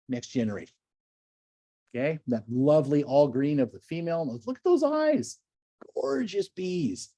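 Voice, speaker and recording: An older man giving a lively, enthusiastic slide lecture to a club, full of chatty asides and gushing praise. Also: fairly high pitch, no room sound. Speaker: naturalist lecturer.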